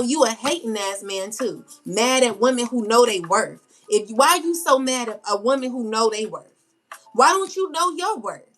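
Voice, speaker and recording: A woman's voice: high voice, a bit bright. A woman tarot reader ranting to camera in unscripted, slangy speech, scolding bluntly and repeating herself for emphasis. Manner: casual slangy speech with many fillers. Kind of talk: unscripted spiritual rant to camera.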